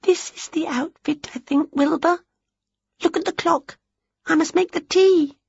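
A woman's voice: very high voice, a little slow, creaky, no room sound, muffled recording, voice pushed up, heavily acted. A woman voicing a scatterbrained, cheerful witch in a read-aloud storybook. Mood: excited. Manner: excitable, exclamatory. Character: dizzy, cheerful middle-aged witch woman.

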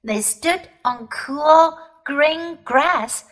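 A woman teacher, a native Chinese speaker, reading a storybook aloud in English slowly and expressively. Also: high voice, low-quality recording. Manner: slow, careful, expressive reading. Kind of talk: storybook read-aloud narration.

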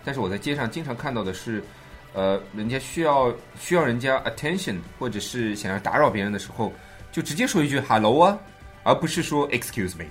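A man's voice: medium pitch, quick pace, faint music behind. A man co-hosting a language show, explaining English phrases in Mandarin with a playful, teasing manner. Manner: jokey, teasing, animated. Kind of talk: playful bilingual lesson banter.

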